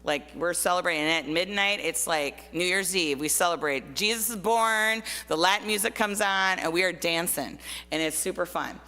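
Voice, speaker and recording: In a church hall with long, echoing reverb, a middle-aged Minnesota woman appearing as a guest artist chats through personal stories, full of fillers. Her voice sits fairly low, moves at a moderate pace, and sounds pushed and bright.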